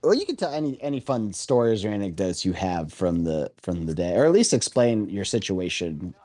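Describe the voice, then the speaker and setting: A man's voice: sits low, sing-song, a little fast, dark tone, no echo. A man hosting a casual podcast with friends, joking around and swearing freely. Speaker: podcast host. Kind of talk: casual banter among friends.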